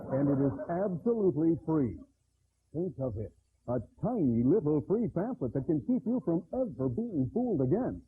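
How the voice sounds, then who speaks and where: A man playing a sleazy con-man doctor selling pamphlets in a comedy infomercial, with an oily sales pitch. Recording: lo-fi broadcast audio, faint hiss.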